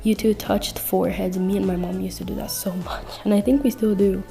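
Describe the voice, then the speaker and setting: A young woman casually narrating a listener story as channel host, chatty and full of fillers, over soft music. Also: mid-range voice, little pitch movement, fairly quick, vocal fry. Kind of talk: reading a fanfic-style listener story.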